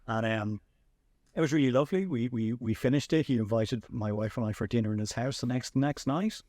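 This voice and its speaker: An Irish man hosting a podcast, telling animated anecdotes in a casual chat with frequent restarts. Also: mid-range voice, a little fast, dry recording, clean studio sound. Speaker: podcast host and filmmaker.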